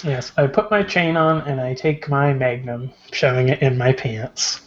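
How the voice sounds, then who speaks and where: A man playing a tabletop game, thinking aloud in a slow, musing way. His call audio sounds dull and lo-fi. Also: mid-range voice, steady tone, a little hiss or hum. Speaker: player. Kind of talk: casual tabletop role-play.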